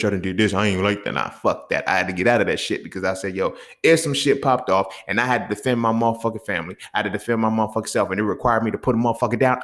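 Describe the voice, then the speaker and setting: A young man hosting a podcast, talking blunt and fired up in a profane, casual monologue. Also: medium pitch. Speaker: podcast host.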